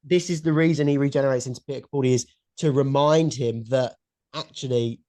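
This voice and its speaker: A young man co-hosting a podcast in casual chat, excitable and blunt, swearing freely. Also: medium pitch, brisk, no room sound. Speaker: podcast co-host. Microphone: headphones and mic at home.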